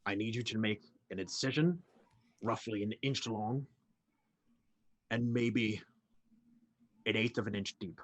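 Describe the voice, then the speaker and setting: A man playing a stern orc paladin who gives slow, grave commands and threats. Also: lowish voice, no room sound. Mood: solemn.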